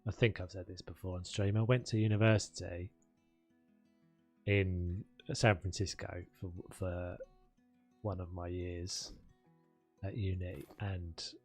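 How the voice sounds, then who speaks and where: Chatty South London man, low voice. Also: little pitch movement, takes it slowly, pauses often, a little mellow. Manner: chatty, laughs often, trails off and restarts. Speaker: game streamer. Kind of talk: casual live-stream chat. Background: faint background music.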